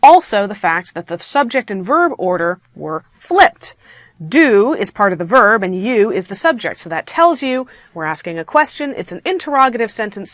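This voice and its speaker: A woman teaching an online grammar lesson in a playful, animated way, acting out her example sentences. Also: medium pitch, no echo, studio quality. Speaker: grammar instructor.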